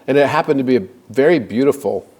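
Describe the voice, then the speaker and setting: A man's voice: mid-range voice, fast talker, darkish tone. A man casually telling stories and explaining ideas to a group, rambling with restarts.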